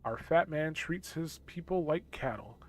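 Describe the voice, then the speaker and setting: A man's voice: fairly high pitch, lively intonation, a little slow. A man voicing a weary, grumbling male town guardsman from a game.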